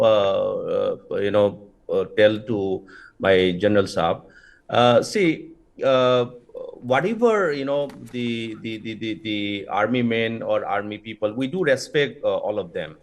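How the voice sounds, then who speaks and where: A man's voice: medium pitch, animated, unhurried, vocal fry. A man, an academic speaking as a guest on a news panel, hesitant with many fillers and repeats. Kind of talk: TV news discussion.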